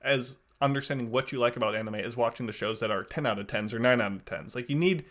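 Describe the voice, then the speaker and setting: Speaking fast in a fairly bright, medium-pitched voice, this podcast host keeps things casual and wry. He rambles, frequently going back to restart and fix what he's saying.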